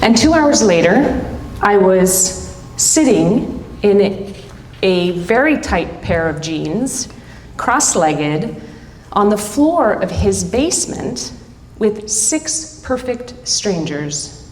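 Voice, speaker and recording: Middle-aged woman storyteller, unhurried and pausing, heard in a roomy hall with a long reverb tail. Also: medium pitch, sing-song, a little mellow, a little hiss or hum. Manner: deliberate, dramatic pauses between short phrases. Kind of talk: live storytelling performance. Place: stage at a live event hall.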